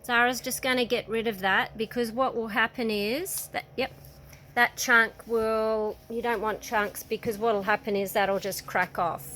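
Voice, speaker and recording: Woman ceramics teacher, talks slow and patient, walking kids through painting, faint hum behind. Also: on the high side, steady tone, fairly bright tone. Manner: patient, explanatory, talks to children while demonstrating. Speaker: ceramics workshop instructor. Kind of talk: casual hands-on demonstration.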